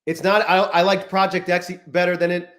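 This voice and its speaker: Brief: male live-stream host, somewhat high voice, loose profane rambling, roomy echoey sound. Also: level tone, a little fast, fairly bright tone. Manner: profane, rambling, greets chat viewers. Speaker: livestream host. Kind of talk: casual live-stream chat.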